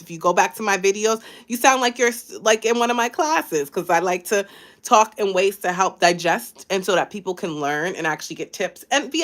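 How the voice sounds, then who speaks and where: A woman's voice: medium pitch, fairly bright tone. Chatty woman life coach on a live stream. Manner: chatty and encouraging, thanks viewers by name. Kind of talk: casual motivational live chat.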